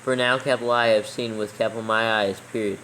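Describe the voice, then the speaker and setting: A man's voice: lowish voice, steady tone, fast talker, sharp tone, a little hiss or hum, poor audio. Man dictating scripture with punctuation. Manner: reads steadily, calling out commas and capitals. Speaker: reader dictating text for proofreading. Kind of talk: slow dictation with punctuation read aloud.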